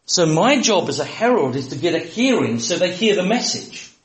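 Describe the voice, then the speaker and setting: A British man preaching to fellow preachers in a lively, humorous way, sometimes shouting for comic effect. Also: high voice, moderate pace, echoey room. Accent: British English. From Britain.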